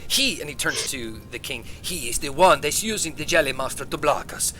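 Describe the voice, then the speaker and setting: A man voicing a defensive, boastful male healer merchant who speaks halting broken English and opens lines with "eh.". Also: on the high side, expressive, sharp tone, faint music behind, poor audio. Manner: broken English with hesitant "eh" openings.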